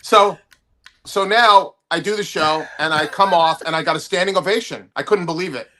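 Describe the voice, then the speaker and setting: Animated man telling a comedy story. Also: high voice. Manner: animated, halting restarts. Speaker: comedian guest. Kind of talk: podcast storytelling.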